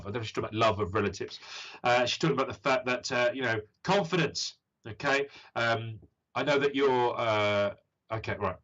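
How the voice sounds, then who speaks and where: A British man in his thirties, from the United Kingdom, speaks in a mid-range, fairly bright voice as a psychic medium giving a live stream reading. He's encouraging and rambles with many fillers, and the stream audio sounds dull and lo-fi.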